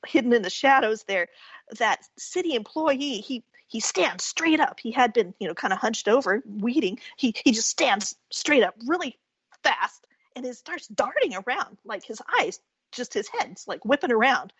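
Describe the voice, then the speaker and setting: A woman guest on a talk radio show, telling a story in a casual, animated way. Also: on the high side, normal speed, slightly rough, dry recording. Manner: animated storyteller who acts out quotes and laughs often. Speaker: guest folklorist and author. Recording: dull lo-fi radio-call sound.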